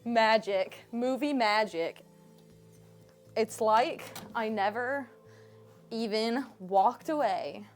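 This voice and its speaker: A woman's voice: a little high, slow pace, pauses often, faint music behind. A woman streaming from home, chatting casually with her viewers into a desk microphone in a playful, teasing way and laughing often. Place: home room.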